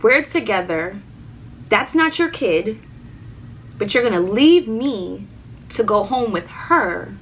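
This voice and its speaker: A young woman vlogger chatting casually through a story, animated, swearing and repeating words for emphasis. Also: medium pitch, slight background noise, rough recording.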